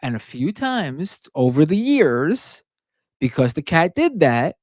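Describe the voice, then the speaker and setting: Male stream host, fairly high voice, very animated delivery, swearing rants, dry close sound. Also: takes it slowly, no room sound. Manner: animated, profane, indignant ranting. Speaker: livestream show host. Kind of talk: casual live-stream chat reading super chats.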